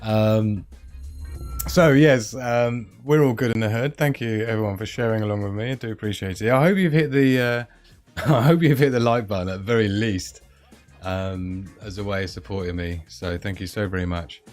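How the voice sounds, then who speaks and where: A man's voice: on the low side, normal speed, a little mellow, faint music behind. A man hosting a casual live stream, rambling and giggly with lots of fillers.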